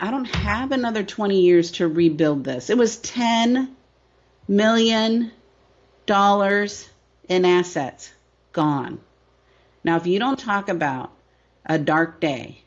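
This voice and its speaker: Middle-aged woman coach, candid and emphatic interview voice, dull recording. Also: fairly low pitch. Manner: emphatic, repetitive, rhetorical "right?". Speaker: business coach and author.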